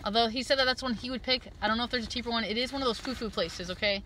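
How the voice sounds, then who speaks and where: Lively woman vlogger, high voice. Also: very fast, a little hiss or hum, poor audio. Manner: animated, laughs often. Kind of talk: casual chat.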